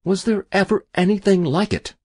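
A man playing a blustering gentleman angler. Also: medium pitch, sing-song, unhurried, breathy edge. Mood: delighted. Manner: exclamatory and huffy.

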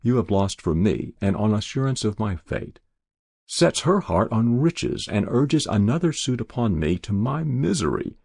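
A man's voice: fairly low pitch, very animated, unhurried, gravelly, a little mellow, slightly rough, no echo, clean studio sound, exaggerated voice. A man voicing an earnest, devoted young woman in an audiobook, speaking tenderly. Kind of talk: audiobook character voice.

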